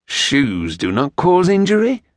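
A man voicing a stern, fussy gentleman who speaks in a dry, clipped, pompous way. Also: a little high, huge pitch swings, unhurried, no echo, pitched above the performer's own voice. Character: stern, fussy tall gentleman rider, sardonic.

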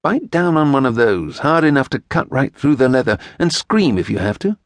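A man voicing a stern, fussy gentleman who speaks in a dry, clipped, pompous way. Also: medium pitch, very animated, moderate pace, dry recording. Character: stern, fussy tall gentleman rider, sardonic.

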